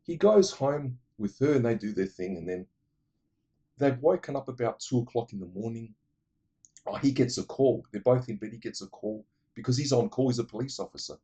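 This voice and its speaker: A man casually retelling movie plots in an animated way, adding vocal sound effects. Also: mid-range voice, moderate pace. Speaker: movie reviewer.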